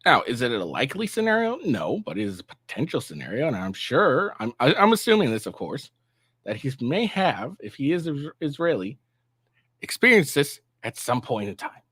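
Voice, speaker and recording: Lively, rambling male vlogger. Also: mid-range voice, normal speed, breathy edge, dry recording. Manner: rambling, with fillers and sarcastic asides. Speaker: commentary vlogger. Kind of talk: casual reaction commentary.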